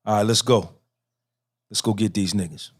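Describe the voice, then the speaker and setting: A man's voice: lowish voice, fairly even intonation, moderate pace, loud music behind the voice. A middle-aged man hosting a podcast, giving a profane, repetitive motivational monologue and talking back and forth with himself. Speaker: podcast host.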